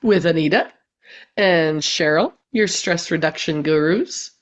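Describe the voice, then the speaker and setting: A woman co-hosting a live feng shui show who is under the weather and coughing, speaking in a flat, low-energy way. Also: measured pace. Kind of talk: casual live-stream chat.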